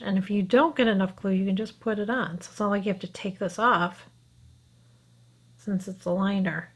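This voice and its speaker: A woman's voice: mid-range voice, steady tone, normal speed. A frank, chatty woman in her fifties walks viewers through a makeup tutorial. She talks while she works at her mirror and keeps asking "okay?" as she goes. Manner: talks while applying makeup, sometimes drops to a whisper. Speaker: beauty vlogger.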